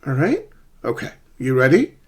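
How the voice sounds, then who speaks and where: A man teaching an online English pronunciation lesson, drilling words slowly and often checking in with the learner. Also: mid-range voice, wildly swooping pitch, slightly rough.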